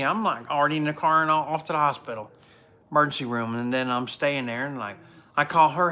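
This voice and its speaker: A man's voice: on the high side, brisk, bright, forceful tone. A man in his forties, a police officer hosting a casual livestream from home, telling earnest, rambling stories full of restarts. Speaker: police officer and show host.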